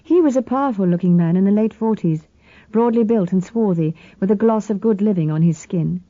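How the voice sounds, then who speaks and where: A woman narrating a novel in the first person, reading in an even, measured way. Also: mid-range voice, no room sound. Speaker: audiobook narrator. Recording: slightly dull, dry lo-fi recording.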